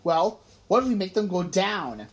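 A woman's voice: medium pitch, very animated, moderate pace. A woman voicing an earnest, odd schoolboy who speaks solemnly, in an audiobook reading.

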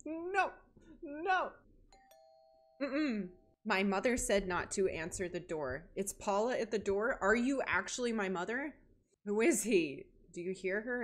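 A young woman hosting a horror game playthrough, joking and reacting dramatically as she plays. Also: medium pitch. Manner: jokey, dramatic, talks to herself and the game. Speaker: gaming video host.

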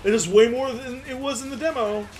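A man giving loud, laughing, swearing commentary while playing a game with a friend. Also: very high-pitched, fairly even intonation, a little fast, over music. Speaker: let's play gamer. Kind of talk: excitable gameplay commentary.

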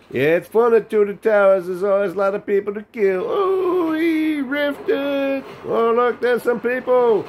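A man's voice: extremely high pitch, a little slow, few pauses, dull audio, slight background noise. An Australian man giving playful, chuckling commentary over his own gameplay. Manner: playful, chuckling, sing-song exclamations. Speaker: gaming channel host.

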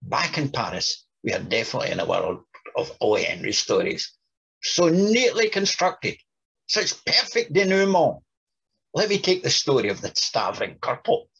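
A man delivers a literary talk in a husky, gravelly voice that rises and falls a lot. He breaks into lively voices when he reads quoted passages. The recording sounds dull and lo-fi. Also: medium pitch, moderate pace. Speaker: lecturer. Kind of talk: talk with dramatic readings.

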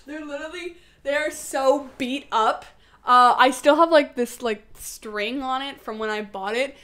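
A woman's voice: on the high side, a bit bright. A young woman streaming a game live, chatting casually in a giggly, bubbly way and answering her chat. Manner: usually talks fast. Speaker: game livestreamer. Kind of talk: casual livestream chat while gaming.

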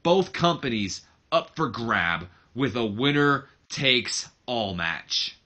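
Brash young heir cutting a taunting promo, put on by a male gamer; bright, raised voice. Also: medium pitch, big pitch swings, slow pace, full character voice. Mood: smug taunting. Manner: smug, taunting wrestling promo delivery. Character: brash young man, heir to a wrestling company, taunting his father.

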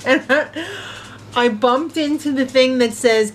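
A woman vlogging casually, chatting and telling stories in an animated way. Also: sits high, slow. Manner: chatty, animated storytelling with laughs. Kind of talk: casual vlog chat.

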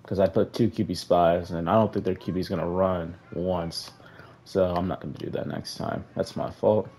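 Young gaming commentator, male, deep and dark-toned, frustrated running play-by-play of his own match. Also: normal speed, slight background noise. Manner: frustrated, talks to players on screen, flat sighs between outbursts. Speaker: gaming YouTuber. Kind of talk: casual gameplay commentary.

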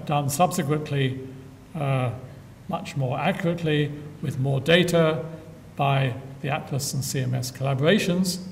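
An older man delivers a public science lecture in a somewhat high, gravelly voice, full of "uh"s and dry asides. He sounds far from the microphone, and his voice rings in a large hall over a faint low rumble. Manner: dry humor, many filler "uh"s. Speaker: physicist giving a public lecture.

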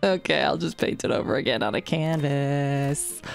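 A young woman with a low voice talks casually through a gameplay stream. She keeps joking around in a put-on French accent. Faint music plays underneath. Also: normal speed, vocal fry. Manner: playful, drops into a joking mock French accent.

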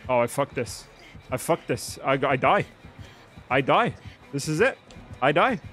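A man's voice: medium pitch, expressive, unhurried, a bit bright, faint music behind. A young man chatting live with his viewers while gaming, joking and swearing freely. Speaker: livestreamer. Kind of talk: live gaming stream chat.

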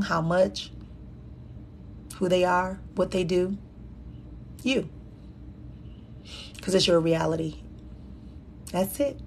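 A woman's voice: on the low side, creaky, a little hiss or hum. A woman hosting a live-streamed motivational chat, speaking in repetitive affirmations with a preacher-like cadence. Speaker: host and life coach. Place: indoor room at a conference venue.

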